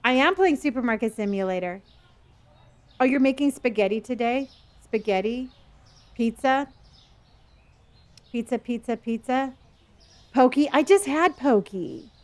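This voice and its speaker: A woman's voice: on the high side, a little slow, pauses often. Chatty woman streamer reading her chat. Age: middle-aged. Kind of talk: casual live-stream chat with viewers.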